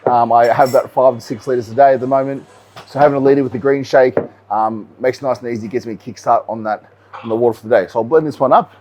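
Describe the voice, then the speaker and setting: Bodybuilder guy chatting to camera, mid-pitched, laid back, lots of ums. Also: fast talker. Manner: relaxed, explanatory, with frequent ums and repeats. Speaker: bodybuilder and coach. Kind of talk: casual vlog talk to camera.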